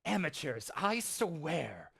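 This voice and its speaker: A man doing a squeaky snobbish ink-orb creature. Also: very animated, slow pace, vocal fry, fairly bright tone, slightly rough, full character voice. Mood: scornful. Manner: pompous, scornful critic.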